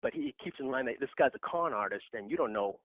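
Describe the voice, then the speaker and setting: A man tells a story as a podcast guest, loose and chatty, with many fillers and laughter breaking in. His voice sits at an ordinary pitch. The sound is narrow and dry, as if heard over a phone line. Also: lively intonation, fast talker, no room sound. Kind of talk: casual anecdote.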